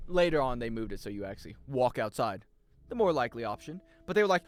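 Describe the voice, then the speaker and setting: A man's voice: mid-range voice, very animated, quick pace, soft background music. A young man, chatting casually on a gaming stream, joking, swearing freely and rambling. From United States.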